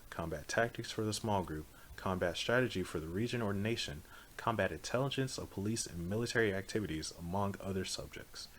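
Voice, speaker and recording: Low-voiced man reading a political text aloud. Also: a little hiss or hum. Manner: measured, earnest, declarative. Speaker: audiobook reader.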